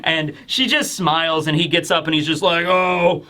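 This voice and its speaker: A man talks through a manga chapter in a casual, rambling review. His voice sits high and bright, and he sounds excited, tumbling through fillers and restarts. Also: brisk.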